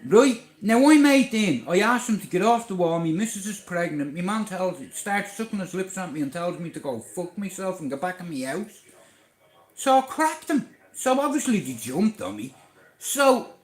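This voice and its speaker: A man's voice: high voice, normal speed. Irish man, raised voice for a guy, profane storyteller on a livestream, echoey room. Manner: blunt, swearing, animated storyteller.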